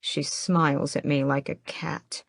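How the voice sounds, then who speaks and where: A woman narrating a first-person fantasy audiobook in a measured, steady way, close to the mic. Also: deep voice, creaky, no echo.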